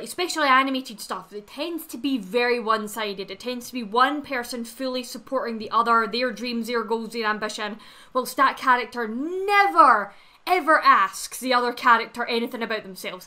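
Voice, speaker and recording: A young Scottish woman with a high, bright voice chats excitedly through a reaction video. She swears freely and argues with the characters on screen, in a Scottish accent. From Scotland. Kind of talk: casual reaction commentary.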